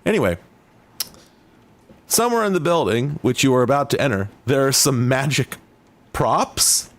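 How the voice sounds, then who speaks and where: A man in the middle of the usual pitch range mutters and rambles through casual retro-gaming commentary. He is sardonic and keeps breaking off his own sentences, then starting them again. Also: lively intonation, normal speed. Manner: rambling, sardonic, self-interrupting. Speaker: host. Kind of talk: casual commentary while playing retro games.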